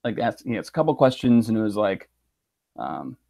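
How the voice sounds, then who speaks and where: A man guesting on a podcast, speaking in a calm, measured way. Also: on the low side, creaky. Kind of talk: casual podcast chat.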